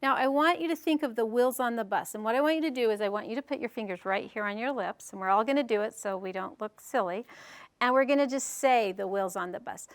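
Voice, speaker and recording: High-voiced woman teaching a parents' workshop. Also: quick pace. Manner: sing-song, animated reading with playful voices. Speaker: workshop presenter. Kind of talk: teaching workshop with rhyme reading.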